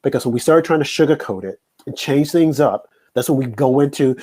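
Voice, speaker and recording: A man hosting political commentary in an emphatic, repetitive way. His voice is husky and mellow, with a relaxed, dark tone. He sits at a middle pitch. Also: moderate pace, few pauses. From United States. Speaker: host.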